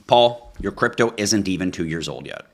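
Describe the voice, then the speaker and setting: Man, low voice, blunt ranting livestream host reading chat. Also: expressive, normal speed. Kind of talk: live crypto stream chat.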